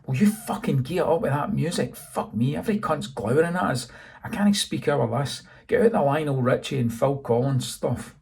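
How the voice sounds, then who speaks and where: A man's voice: medium pitch, level tone, a little mellow, close to an everyday voice. A man voicing a foul-mouthed young male DJ who is raging at the crowd. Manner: swearing, fast and heated.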